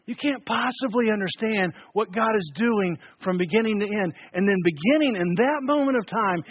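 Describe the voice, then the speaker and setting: A man preaching a sermon as pastor, emphatic, dropping loud and soft and repeating words as he builds points. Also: high-pitched, dry recording, highs cut off.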